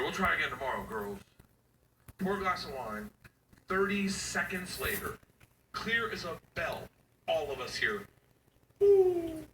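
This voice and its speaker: A man in his forties doing stand-up comedy, his voice pitched high and swinging widely as he acts out characters and hoots like an owl. He is picked up from a distance in an echoey venue, with clear crowd noise behind him. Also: pushed and bright. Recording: echoey room recorded from far off, audience noise.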